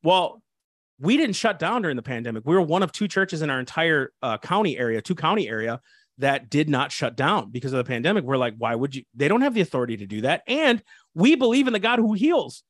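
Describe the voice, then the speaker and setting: A man's voice: mid-range voice, sing-song, fast talker, fairly bright tone, dry recording, clean studio sound. A man who is an assistant pastor, speaking fervently and preachily in an interview, often restarting his sentences. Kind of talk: impassioned interview talk.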